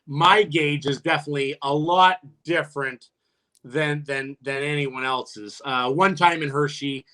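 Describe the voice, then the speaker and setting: Brief: male podcast guest, ex-athlete, bright, somewhat high voice, profane and laughing. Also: fairly even intonation, measured pace. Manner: profane, laughing storyteller with many restarts; jumps much higher when quoting his own taunts. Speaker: guest, retired hockey player. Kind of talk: casual podcast storytelling.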